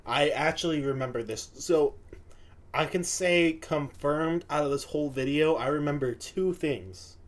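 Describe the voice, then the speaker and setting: A man's voice: on the high side, unhurried. A man reacting casually to a comedy clip, laughing and using slang. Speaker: YouTube reaction host. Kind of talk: reaction commentary.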